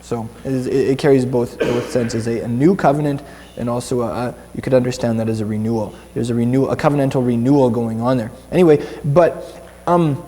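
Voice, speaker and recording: A man's voice: mid-range voice, fairly even intonation, brisk, mellow, in a large hall, slight background noise. A young Canadian man giving informal Bible teaching to a small group, chatty and rambling, with many restarts.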